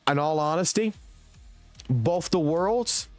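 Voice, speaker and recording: A man's voice: on the high side, lively intonation, slow pace, soft background music. A man streaming live, giving blunt, slangy commentary on a game with heavy swearing. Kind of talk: casual ranting commentary.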